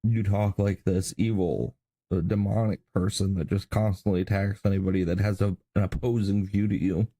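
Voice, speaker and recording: Low gravelly man, calm host. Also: no echo. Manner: calm, measured, disapproving. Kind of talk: commentary on video clips.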